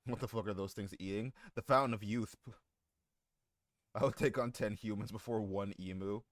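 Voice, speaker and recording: A man's voice: fairly low pitch, normal speed, no echo, studio quality. A man live-streaming who chats casually with his viewers, joking, swearing and laughing often.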